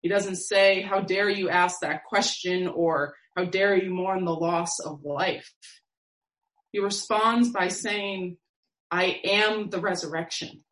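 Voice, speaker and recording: Woman preacher, sermon, slow and measured, lowish voice, echoey room. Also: steady tone, a bit bright. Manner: slow, measured, reflective delivery with long pauses.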